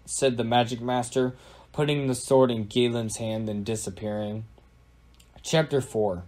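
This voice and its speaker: A man narrating an audio storybook in a plain, even storytelling manner. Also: medium pitch, measured pace.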